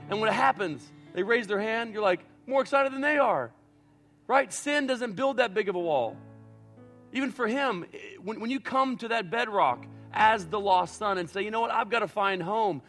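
A male pastor delivering a dynamic sermon in a slightly raised voice. He pushes hard on quoted lines, then sinks into quiet, reflective passages. Faint instrumental music plays underneath. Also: high voice. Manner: dynamic preaching, swinging between loud acted-out quotes and quiet reflective passages.

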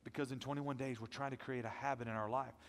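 A man preaching a sermon as pastor, energetic and conversational, with self-deprecating asides, and without a deep voice. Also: quick pace, long reverb tail. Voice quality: not a deep voice.

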